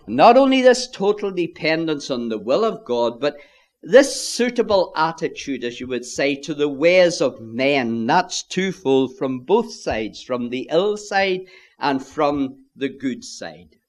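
Male preacher, slightly high voice, slow deliberate sermon delivery, earnest with hushed emphasis. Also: sing-song. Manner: earnest, rises for emphasis and drops to a near hush; reads scripture in old-fashioned diction.

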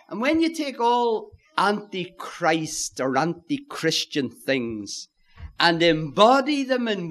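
A man's voice: high-pitched, a bit bright. A man preaching a sermon, emphatic, repeating key phrases and addressing listeners as friends.

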